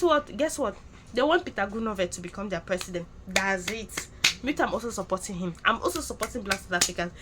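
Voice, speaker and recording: A woman hosting a casual commentary vlog, animated and teasing. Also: medium pitch, fast, slightly rough. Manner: animated, teasing, laughs at own jokes. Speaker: YouTube commentator.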